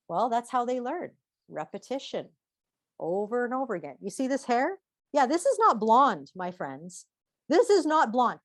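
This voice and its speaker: Lively woman giving a parenting seminar. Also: on the high side, moderate pace, no echo, clean studio sound. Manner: lively, asks the audience questions, acts out quotes. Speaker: seminar speaker.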